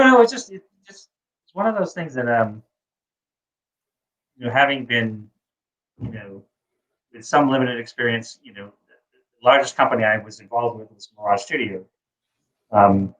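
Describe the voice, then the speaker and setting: Low, hesitant man, a bit off-mic. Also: a bit bright, distant mic, lo-fi sound. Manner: hesitant, full of fillers. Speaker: co-host. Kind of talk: casual conversation.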